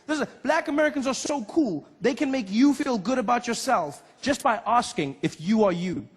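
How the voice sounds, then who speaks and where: A man from Africa, performing a lively stand-up comedy routine and acting out voices. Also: very high voice, normal speed, slightly rough. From South Africa. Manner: animated, acts out voices and laughs.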